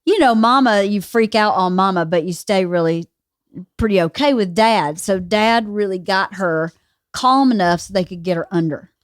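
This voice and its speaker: A woman's voice: medium pitch, dry recording. Teasing woman in a dry room. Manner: teasing, quick to contradict. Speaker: podcast guest, host's wife. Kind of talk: casual storytelling chat.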